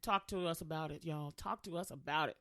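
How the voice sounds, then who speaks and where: A young adult woman co-hosting a podcast in casual chat, playful and quick to laugh. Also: low voice, a bit bright. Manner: playful, bursts into song, laughs often. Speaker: podcast co-host.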